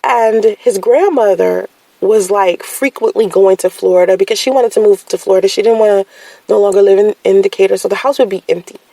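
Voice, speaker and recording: A woman telling a personal story in a casual, slangy way, jumping up high when she acts out her own shocked reactions. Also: a little fast, vocal fry, no echo, low-quality recording. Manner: animated, slangy storytelling with sudden high-pitched exclamations.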